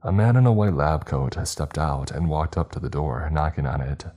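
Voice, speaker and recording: A man narrating a scripted horror story in a steady, measured reading. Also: very deep voice. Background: faint music.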